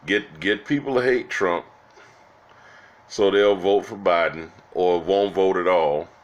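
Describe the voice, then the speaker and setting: Deep-voiced guy venting about politics on his channel, rambly, keeps restarting. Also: slow pace, dull audio. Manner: rambling, exasperated, with frequent restarts; addresses viewers as "guys" and "y'all". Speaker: political vlogger. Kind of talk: casual political commentary.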